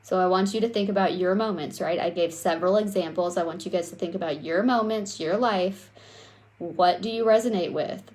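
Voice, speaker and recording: A young adult woman giving a live coaching talk on self-worth, speaking straight to her viewers in a lively, conversational way. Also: lowish voice, brisk. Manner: animated, conversational, addresses viewers directly.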